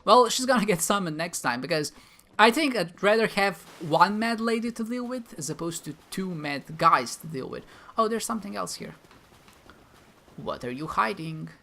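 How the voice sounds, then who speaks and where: A man's voice: sits high, animated, normal speed, vocal fry, long pauses, bright, forceful tone, slight background noise. A man giving playful, self-mocking commentary as he plays a game, talking back to enemies. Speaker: gamer, video host. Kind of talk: live gameplay commentary.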